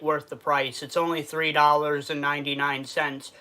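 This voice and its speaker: Hosting a casual food review livestream, a Western New York man with a New York accent reads viewer comments aloud and responds to them. His voice is fairly high, bright and forceful, delivered flatly at a moderate pace, with sadness underneath.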